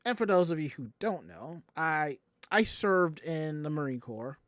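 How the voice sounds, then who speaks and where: This man, from the American South, hosts a relaxed podcast and tells a lengthy story, giving animated voices to every quoted line. He speaks unhurriedly in a voice on the high side. It's recorded at studio quality with no room sound.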